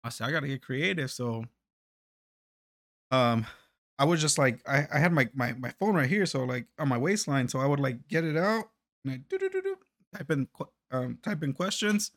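A man's voice: medium pitch, big pitch swings, normal speed, a bit bright, no echo, clean studio sound. Rambling, profane man telling a story. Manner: profane, laughing, many restarts and stammers. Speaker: podcast co-host telling a story. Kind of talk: casual storytelling chat.

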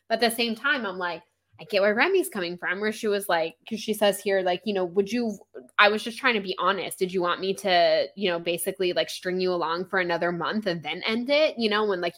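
A woman's voice: mid-range voice, fairly bright tone. A young adult woman co-hosting a podcast in casual book-club chat, talking in a chatty, giggly way full of "like.". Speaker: podcast co-host.

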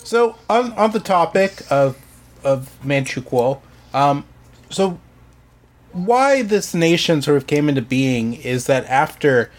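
A man's voice: fairly high pitch, sing-song, takes it slowly. A man co-hosting a podcast, explaining history in a casual, hesitant way, full of ums and "sort of". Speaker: podcast co-host presenting history.

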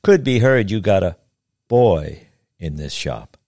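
A man reading a curt, proud businessman, low. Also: moderate pace, darkish tone, no room sound, studio quality. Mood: calm. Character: calm, proud out-of-town businessman.

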